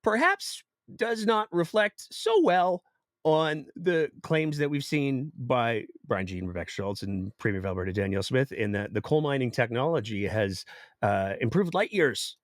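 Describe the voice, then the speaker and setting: A man's voice: mid-range voice, expressive, moderate pace, no room sound, clean studio sound. A man hosting a political commentary podcast, reading news excerpts aloud and adding sarcastic remarks. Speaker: podcast host.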